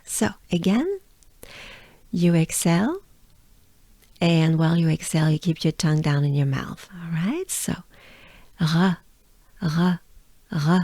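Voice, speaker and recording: A woman's voice: fairly low pitch, a little mellow, no room sound, studio quality. A woman from France with a French accent, giving a patient pronunciation lesson and repeating sounds for the listener to copy. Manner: patient, repeats sounds slowly, coaches breathing. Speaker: pronunciation teacher.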